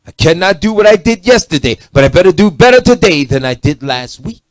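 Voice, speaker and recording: Man, sermon, middle-aged, lively swooping voice, slightly high, emphatic. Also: fairly quick, no room sound. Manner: preachy, rising to shouts and dropping to low asides. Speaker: preacher.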